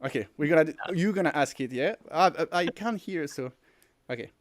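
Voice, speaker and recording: Excited French-accented man in his forties. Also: a little high, fairly quick, dry recording. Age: 40s. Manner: excited, rambling, many restarts. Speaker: podcast co-host. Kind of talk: casual livestream chat. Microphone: headphones and close mic.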